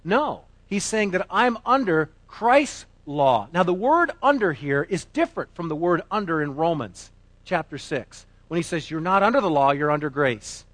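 Emphatic high-voiced male preacher. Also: very animated, moderate pace, no room sound. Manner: emphatic, swinging from loud declarations to quiet asides. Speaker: pastor. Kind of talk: sermon.

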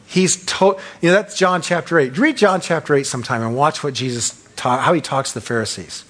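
A man preaching a sermon as pastor, acting out quick voices of the accuser and of self-righteous churchgoers. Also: fairly high pitch. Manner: acts out voices of Satan and churchgoers, animated.

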